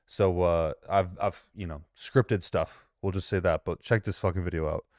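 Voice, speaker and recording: A man's voice: sits low, steady tone, normal speed, darkish tone, no room sound, studio quality. A man hosting a casual reaction commentary, mocking and rambling with plenty of swearing. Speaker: commentary host.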